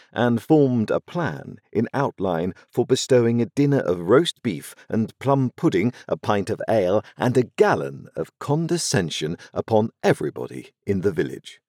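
A male audiobook narrator with a low voice reads a classic novel in measured, unhurried storytelling. His delivery rises and falls with strong, expressive shifts in pitch. The recording is close and dry, with no room sound. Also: no echo.

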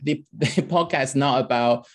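A man's voice: medium pitch, normal speed. A man with a Taiwanese accent, a comedian speaking as an interview guest in a careful, earnest way. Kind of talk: casual interview.

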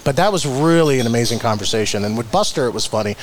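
A middle-aged man from New Jersey chats as a guest, spinning animated stories and leaping up in pitch whenever he quotes someone. His voice sits in an ordinary middle range. A steady hiss of noise runs under the recording. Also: fast talker. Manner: animated storyteller, acts out quotes with big pitch jumps. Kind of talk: casual interview chat. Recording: noisy room recording.

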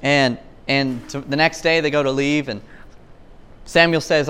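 In a casual sermon, a man retells a scripture story in loose storytelling talk full of slang and frequent restarts. His medium-pitched voice is smooth and a bit bright, with fairly even intonation and a moderate pace.

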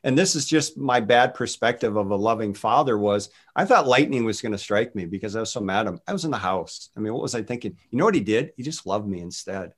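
A man's voice: fairly low pitch, animated, fast, hardly any pauses. A middle-aged man, a guest minister, earnestly telling personal faith stories in a casual talk, with many restarts.

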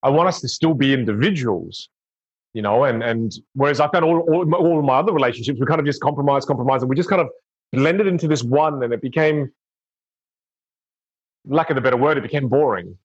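A man's voice: medium pitch, a little fast, breathy edge. A man talking earnestly and reflectively in casual conversation, often restarting his sentences. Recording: dull lo-fi sound.

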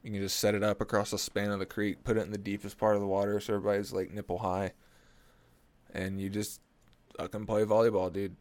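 Deep-voiced young man rambling. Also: flat delivery, quick pace, a little mellow, dry recording. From Oklahoma. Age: early 20s. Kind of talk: casual comedic monologue.

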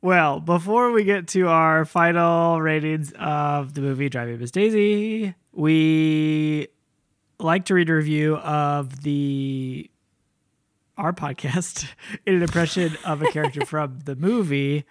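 A man chatting playfully on a podcast, teasing his co-hosts. His voice sits fairly high, and it is recorded dry and close. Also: takes it slowly, dry recording. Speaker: podcast co-host. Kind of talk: casual chat.

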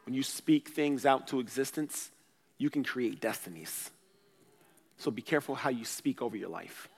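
A man, a pastor, preaching a sermon in a casual, conversational way, swinging between loud bursts and quiet asides. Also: medium pitch, normal speed, creaky, husky, big-room sound.

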